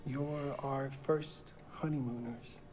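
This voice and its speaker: An actor playing a courteous, subtly sinister hotel owner in video game dialogue. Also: male voice, medium pitch, fairly even intonation, takes it slowly, a crowd in the background, lightly acted. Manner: polished, gracious. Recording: game audio under music.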